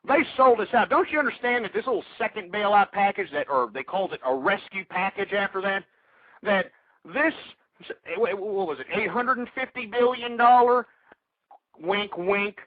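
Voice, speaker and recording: A man's voice: high-pitched, moderate pace, dry recording. A man hosting a political talk radio show, ranting angrily and hurling insults at his listeners. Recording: tinny phone-like radio audio.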